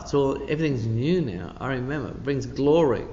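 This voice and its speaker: Expressive and brisk, this pastor's mid-range voice has a dark tone as he gives a midweek lesson in a church hall. He talks emphatically and conversationally, drifting into asides and saying "you know" often, captured in a dull, echoing recording.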